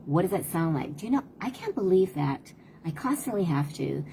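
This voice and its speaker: A woman in her fifties giving earnest, conversational parenting advice on a live stream, often pausing to hesitate. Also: on the low side, big pitch swings, vocal fry, dark tone, slight background noise. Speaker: parenting talk host and tutor.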